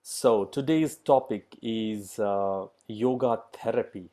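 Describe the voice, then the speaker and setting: Slow, halting man teaching a yoga class. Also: on the low side, mellow. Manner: slow, halting English with many fillers and laughs. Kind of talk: online yoga class introduction.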